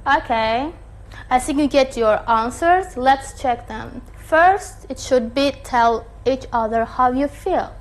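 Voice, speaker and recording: Female English teacher, high and unhurried, online class delivery. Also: rough recording. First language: Turkish. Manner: slow, deliberate teacher talk with frequent checks. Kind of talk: online lesson.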